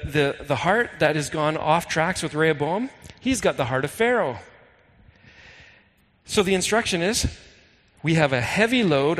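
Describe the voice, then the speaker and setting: Male pastor with a fairly high voice, earnest sermon delivery, long hall echo. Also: fairly bright tone. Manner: earnest, reads scripture slowly and dramatically.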